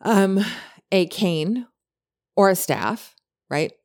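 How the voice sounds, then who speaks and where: A woman co-hosting a podcast, chatting casually and retelling a story with many animated quotes. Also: medium pitch, very slow. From lived in California. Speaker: podcast co-host.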